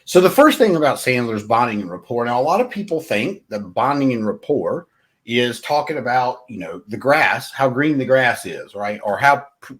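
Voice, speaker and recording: A man talks straight to his listeners in a solo podcast, coaching them on sales. His voice moves up and down a lot as he makes his points. He is blunt and casual, and he keeps asking "right?" to check that people follow. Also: medium pitch. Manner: animated, conversational, asks "right?" often. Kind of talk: solo motivational sales talk.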